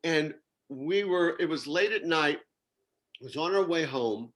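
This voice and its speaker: A man around sixty telling a lively, rambling, self-mocking story on a video call. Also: a little high, a little slow. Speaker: reunion participant.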